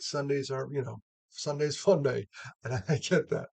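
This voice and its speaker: A man's voice: mid-range voice, normal speed, gravelly, a little mellow, slightly rough. A man, a mental health advocate, talking casually and earnestly to camera, rambling with frequent laughs.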